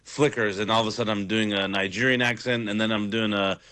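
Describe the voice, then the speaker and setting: Young comedian man from Toronto, low voice, relaxed, lots of ums. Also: quick pace, smooth. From Toronto, Canada. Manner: relaxed, rambling with fillers. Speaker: comedian guest. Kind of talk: casual radio interview.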